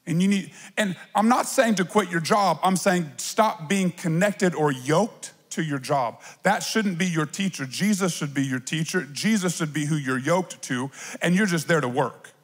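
A man preaching a lively sermon as a pastor, acting out little voices and playful asides. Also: a little high, moderate pace, husky, long reverb tail.

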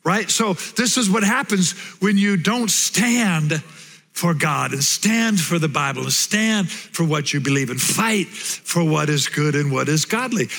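A pastor preaching a sermon, telling a Bible story in an animated way and putting on playful voices for the characters. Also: male voice, fairly high pitch, gravelly, big-room sound.

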